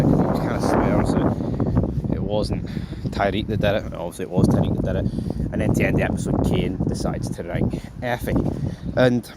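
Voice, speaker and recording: A man rambles through an offhand TV episode review, his voice pitched a little low. Loud background noise runs under the whole recording. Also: fairly even intonation, a little fast. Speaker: TV series reviewer.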